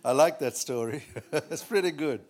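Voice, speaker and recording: A man preaching a sermon, telling a story with shouted quotes and frequent laughter. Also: fairly high pitch, normal speed. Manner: lively, laughs often, shouts quoted lines. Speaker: pastor.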